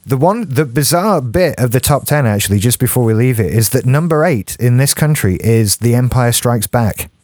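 A man, co-hosting a casual movie news podcast, chatty and quick to laugh. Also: mid-range voice, lively intonation, darkish tone, dry recording. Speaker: podcast co-host. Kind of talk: casual chat.

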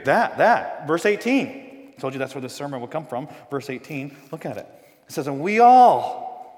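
A man preaching a sermon as pastor, conversational, swinging between loud emphasis and hushed moments, recorded in a church sanctuary. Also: a little high, long reverb tail.

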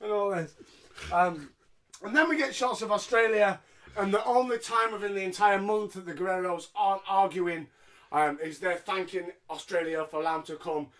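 A man's voice: high voice, moderate pace, fairly bright tone. A man co-hosting a podcast, recapping wrestling in a sarcastic, jokey, swearing way. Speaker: podcast co-host. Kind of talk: casual wrestling recap chat.

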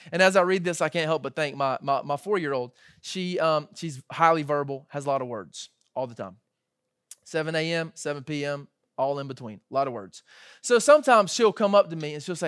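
High-voiced man preaching, dry sound. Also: brisk, clear, resonant tone, no echo. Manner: conversational, animated storytelling with quoted voices. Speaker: pastor. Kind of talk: sermon.

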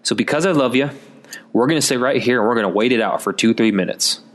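A man's voice: mid-range voice, quick pace, lightly acted. A man doing a stern, loving fatherly God. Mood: firm, patient. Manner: firm, patient, reassuring.

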